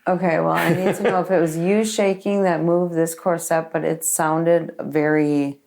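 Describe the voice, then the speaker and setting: A woman with a low, gravelly voice talks offhandedly with her partner on a ghost investigation. Her tone is dark and mellow, and she drops wry jokes as she goes. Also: steady tone, normal speed. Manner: joking, offhand. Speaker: paranormal investigator. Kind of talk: casual chat during a ghost investigation.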